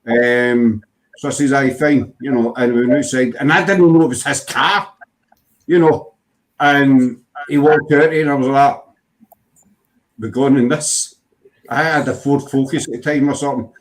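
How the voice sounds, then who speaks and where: Over a rough recording, a man hosting a podcast talks in a mid-range voice with fairly even intonation, going a little slow. It's casual chat, full of rambling anecdotes and frequent "you know"s.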